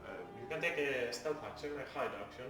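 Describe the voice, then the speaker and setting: A man running a tabletop game as dungeon master, with many pauses and fillers. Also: medium pitch, bright, forceful tone, roomy sound, faint music behind.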